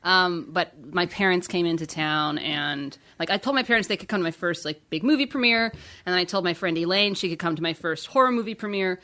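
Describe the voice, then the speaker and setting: A woman's voice: on the low side, a little fast, pushed and bright. A woman chatting as a podcast guest, laughing often and trailing off with fillers. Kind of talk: casual chat.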